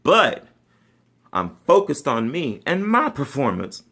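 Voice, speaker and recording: A man telling a funny personal story in a casual, sassy way, laughing often and jumping between loud outbursts and quiet asides. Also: mid-range voice, huge pitch swings, takes it slowly, gravelly, husky.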